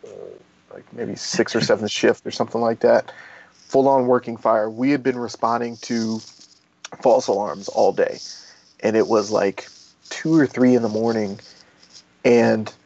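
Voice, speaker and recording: A man, a former Marine turned firefighter, speaking in a casual interview, rambling and profane, and he gets animated when he retells stories. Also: mid-range voice, a little slow, long pauses, highs cut off.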